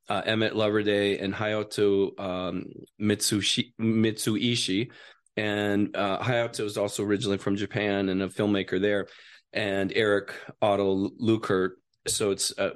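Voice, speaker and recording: A man's voice: lowish voice, smooth. A man from Wisconsin, a writer and actor, chatting as a studio guest and telling a long, rambling story full of restarts. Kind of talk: casual studio chat.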